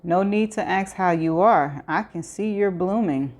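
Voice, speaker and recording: A woman's voice: lowish voice, measured pace, lightly acted. A woman voicing an elegant, charming man who speaks in a teasing, fussy way.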